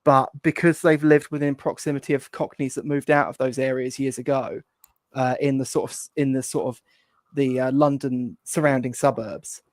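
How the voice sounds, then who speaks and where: A man's voice: mid-range voice, fairly even intonation, moderate pace, no echo. A man chatting casually as a co-host on a political podcast, rambling and hesitant with many fillers. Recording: dry close sound.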